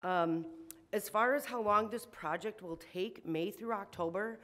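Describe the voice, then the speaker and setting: A woman's voice: medium pitch, unhurried, fairly bright tone. An upset woman making a public comment at a city meeting, emotional and shaky, with frequent ums. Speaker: resident speaking at public hearing. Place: city council meeting room.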